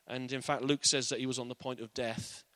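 A man's voice: medium pitch, little pitch movement, a little fast, pushed and bright, no echo. A man giving an informal, earnest Bible teaching in a conversational way.

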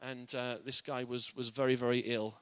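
A man's voice: medium pitch, flat delivery, normal speed, clean tone, no echo. A man giving an informal, earnest Bible teaching in a conversational way.

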